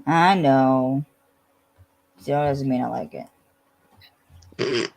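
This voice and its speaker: A woman's voice: a bass voice, extremely slow, rough recording. A woman from western Pennsylvania co-hosting a casual podcast, recapping a TV episode in a rambling way, full of "like" and "you know". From western Pennsylvania, USA. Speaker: podcast co-host.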